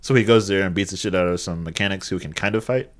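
A man's voice: low voice, quick pace. A man in casual conversation retelling a movie plot with dry, sarcastic remarks. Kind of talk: casual movie recap chat.

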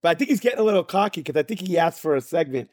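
A man's voice: a little high, expressive, rapid-fire, a little mellow, no room sound, studio quality. A man co-hosting a basketball podcast, talking in a rambling, loose way full of fillers. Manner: rambling, many fillers and restarts. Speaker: podcast co-host. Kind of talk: casual chat.

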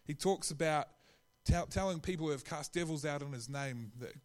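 A man's voice: a little high, moderate pace, a little mellow. A man preaching a sermon in a conversational way, often restarting his phrases and acting out quotes.

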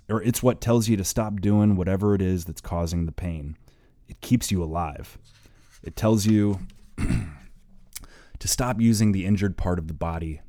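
A man's voice: low voice, warm tone, no echo. A man narrating his own audiobook in a matter-of-fact, opinionated way, close to the mic.

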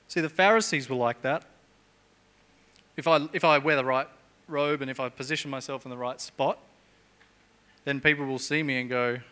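A man's voice: mid-range voice, steady tone, normal speed, long pauses, sharp tone. A middle-aged man preaching a sermon in a church, chatty and jokey, with humorous asides.

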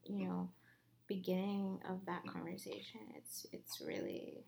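Young woman, podcast co-host, casual chat, lively pitch, blunt, playful, swears. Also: unhurried, creaky.

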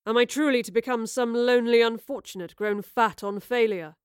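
A man's voice: extremely high pitch, brisk, smooth, dry recording, studio quality. A woman reading a storybook voices a proud young man with formal, cutting remarks. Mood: probing. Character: young man, proud, sharp-tongued, searching.

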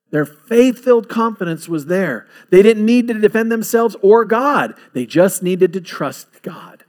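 A male pastor preaching a sermon, building emphasis with repeated phrases. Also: very high-pitched.

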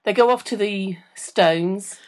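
A woman's voice: mid-range voice, slow. A woman recapping a TV episode in casual chat, rambling and tired late at night. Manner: rambling, self-interrupting storyteller. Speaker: podcast co-host.

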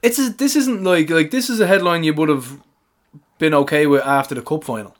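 A man's voice: on the high side, a little fast. A man co-hosting a sports podcast in a blunt, sweary, casual way, laughing easily. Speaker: podcast co-host.

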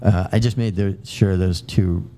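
A man's voice: low-pitched, fairly even intonation, a little slow, warm tone, a little hiss or hum. A middle-aged man, a military veteran guest, telling long casual anecdotes full of fillers and restarts. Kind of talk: casual storytelling.

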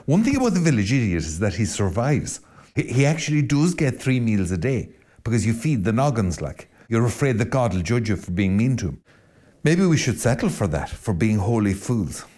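A priest with an Irish accent, hosting a solo podcast, talking in a rambling, self-mocking way that swings between loud emphasis and low asides. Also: male voice. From Ireland.

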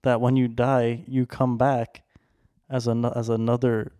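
A man explaining things patiently on a podcast, teasing and quick to laugh. His voice is mid-pitched and recorded dry and close, with no room sound. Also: flat delivery, mellow, no room sound. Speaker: podcast co-host. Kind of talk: casual chat.

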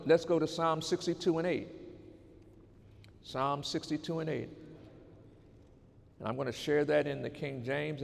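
Slow gravelly preacher in a reverberant hall. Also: male voice, a little high. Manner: slow, emphatic preaching with repeated phrases; rising to loud, fervent exhortation. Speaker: pastor. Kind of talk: sermon.

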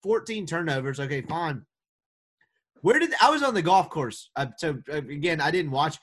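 A man co-hosting a casual sports podcast, talking in an animated, joking way with quick restarts. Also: fairly high pitch. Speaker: podcast co-host.

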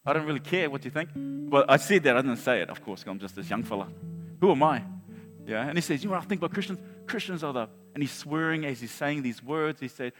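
A man in his forties preaches in a large church, telling stories with lively energy, restarting sentences and chuckling as he goes. His voice sits a little high for a man. Long reverb trails his words, with soft guitar playing underneath. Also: fast talker. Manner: animated, storytelling, restarts and chuckles. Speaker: pastor. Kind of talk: sermon with personal story.

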